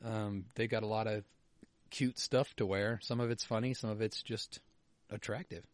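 A man's voice: fairly low pitch, fairly even intonation, moderate pace, no room sound. A man co-hosting a podcast, joking and swearing as he reads listener emails. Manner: joking, sweary, drops into a mutter. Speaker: podcast co-host. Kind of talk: casual banter, reading listener emails.

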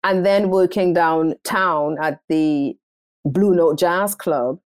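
A woman from Trinidad with a Trinidadian accent mixed with New York, a theater director telling her story in an interview with animated, repeating phrasing. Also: lowish voice, slow, clear, resonant tone, no room sound. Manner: animated, repeats words while finding them.

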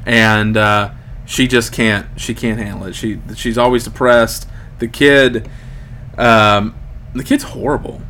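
A man's voice: on the low side, fairly even intonation, slow, fairly bright tone, slight background noise. A man in his late thirties hosting a casual podcast chat, joking and rambling with frequent ums. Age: 30s. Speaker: podcast host.

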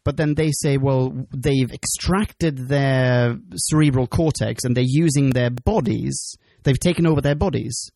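A man's voice: medium pitch, a little slow, creaky, hardly any pauses, warm tone, slight background noise. A man co-hosting a casual podcast, rambling and joking with a ready giggle. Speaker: podcast co-host. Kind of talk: casual chat.

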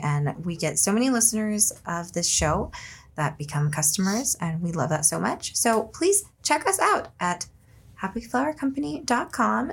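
A woman's voice: medium pitch, gravelly. A woman co-hosting a podcast from home, chatting loosely, swearing freely and reading her sponsor and show credits. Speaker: podcast co-host. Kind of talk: casual chat with ad reads.

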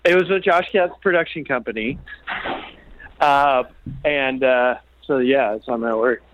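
A man's voice: mid-range voice, a little slow, fairly bright tone. A man telling rambling, profane stories over a phone call from a catering kitchen at work. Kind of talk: casual chat.

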